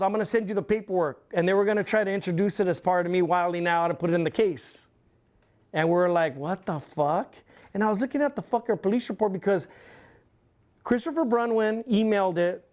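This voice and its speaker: A man's voice: high-pitched, fairly quick. Profane, laughing middle-aged man storyteller. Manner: profane, animated storyteller who laughs often. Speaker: interview guest. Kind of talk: casual storytelling.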